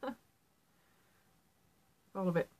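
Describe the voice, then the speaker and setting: In a rough recording, a Yorkshire-accented woman from Yorkshire, England, walks through a needle-felting how-to while working indoors at home. Her voice is mellow and she takes it slowly. She's chatty and self-deprecating, often making apologetic asides.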